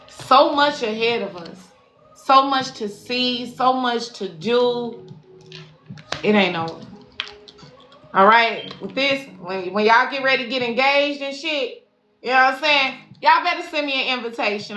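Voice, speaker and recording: A woman's voice: a little high, measured pace, sharp tone. A woman spiritual life coach closing a live stream, slangy, affirming and profane, repeating phrases for emphasis. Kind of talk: live-stream sign-off to followers. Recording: echoey room with faint background noise.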